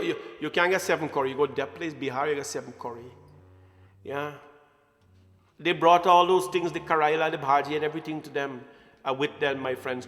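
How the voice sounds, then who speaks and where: A man from Guyana with a Guyanese accent, giving an animated satsang talk to a congregation and calling them "my friends". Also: on the high side, big-room sound. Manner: animated, addresses audience as "my friends", asks questions. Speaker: religious speaker.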